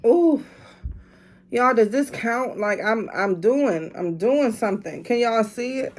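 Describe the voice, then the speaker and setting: A woman's voice: fairly high pitch, animated, slow pace. A woman, a mother filming at home, chatting casually to her viewers and groaning with strain as she talks. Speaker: vlogger doing a drinking challenge.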